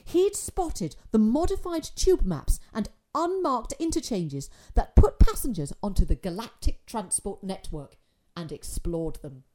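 A woman's voice: mid-range voice, sing-song, a little slow, warm tone. Wry woman narrating a story.

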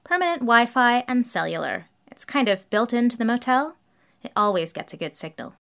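A woman's voice: a little high, expressive, normal speed, vocal fry, fairly bright tone, pitched above the performer's own voice. Woman voicing a breezy young motel manager. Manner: breezy, casual, unbothered.

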